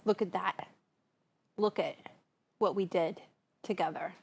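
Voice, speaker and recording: A woman's voice: fairly low pitch, slow pace, vocal fry, darkish tone, breathy edge. A woman hosting a casual cooking livestream, chatty and giggly, savoring the food aloud and admitting she is stoned. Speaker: cooking show host. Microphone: clip-on mic.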